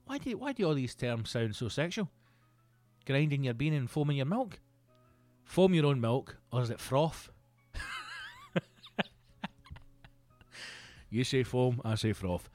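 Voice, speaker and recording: A man's voice: medium pitch, normal speed, dry recording, soft background music. Sweary, rambling Scottish man in his thirties. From Scotland. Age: 30s. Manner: animated, sweary, rambling storytelling. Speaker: comedian podcast host. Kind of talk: solo comedic monologue.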